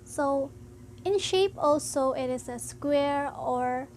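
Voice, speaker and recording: A high-voiced woman teaching a grammar lesson at a slow, careful pace. She explains haltingly, pausing to start her points with "so" and an occasional "um". A faint hum sits under her voice. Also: darkish tone, rough recording.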